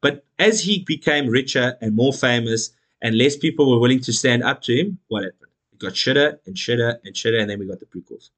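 A man's voice: medium pitch, brisk, fairly bright tone. A man hosting a podcast in casual chat, emphatic and blunt, who swears and laughs often. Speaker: podcast host.

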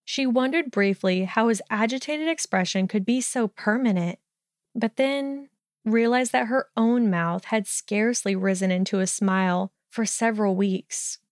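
A woman narrating a story in a steady, measured reading voice. Her tone is smooth and clear, and the recording is dry with no room echo. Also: medium pitch.

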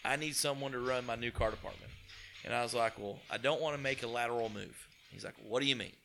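A man from East Tennessee with a local accent, telling his career story in a folksy, animated way with quoted dialogue. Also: medium pitch, quick pace, a little hiss or hum. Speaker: car dealership partner. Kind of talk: casual storytelling interview.

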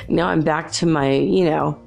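Low gravelly woman telling rambling stories. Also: steady tone, takes it slowly, darkish tone, faint music behind. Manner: rambling, chatty, laughs often. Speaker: show host. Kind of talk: casual storytelling monologue.

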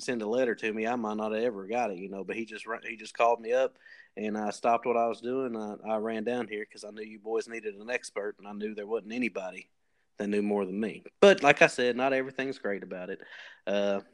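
A man with a Kentucky drawl who talks in loose, folksy rambles. He plays his comic boasts completely straight and keeps restarting his sentences. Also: on the low side. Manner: rambling, folksy, deadpan tall tales with many restarts. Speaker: podcast guest posing as a communication expert. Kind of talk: comedic podcast banter.

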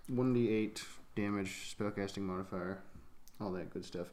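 A man's voice: lowish voice, fairly even intonation, moderate pace, a little mellow. A man playing a tabletop game, speaking in a casual, matter-of-fact way. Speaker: player. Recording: echoey room.

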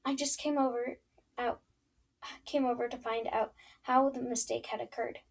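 A woman reading the part of a reserved, careful spinster who speaks slowly and deliberately. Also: fairly high pitch, steady tone, gravelly, distant mic, low-quality recording. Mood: measured. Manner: slow and measured.

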